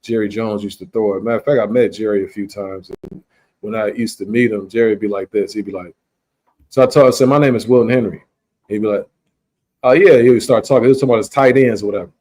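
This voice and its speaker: A man's voice: on the low side, fairly even intonation, quick pace, a little mellow. A man hosting a podcast, telling rambling, laid-back stories in casual chat. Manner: rambling, laid-back storytelling with frequent "you understand". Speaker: podcast host.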